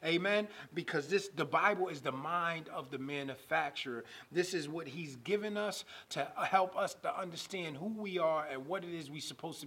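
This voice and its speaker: A man preaching a sermon, building to loud emphatic passages and slowing to draw out scripture. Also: fairly high pitch.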